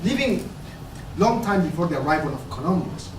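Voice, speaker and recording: A man's voice: fairly high pitch, lively intonation, brisk, far from the mic, natural voice. A man playing a wry, lecturing river god. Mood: amused. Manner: amused, lecturing, gently teasing. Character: casual ancient river god, male, wry and knowing. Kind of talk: stage play reading. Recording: roomy stage, picked up from afar, noisy.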